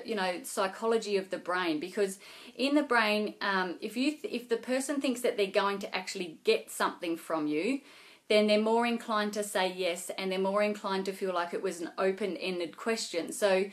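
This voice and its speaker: Talking directly to her viewers, a network marketing vlogger in young adulthood shares sales tips in a laid-back, conversational advice video. Her pitch is a typical middle range, and she keeps looping back with filler words and fresh starts.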